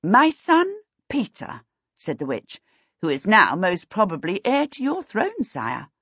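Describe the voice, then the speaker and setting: A woman voicing a firm, composed witch and mother who speaks in a measured, formal way. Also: mid-range voice, wildly swooping pitch, fairly bright tone, slightly rough, no room sound, highs cut off, pitched above the performer's own voice, exaggerated voice.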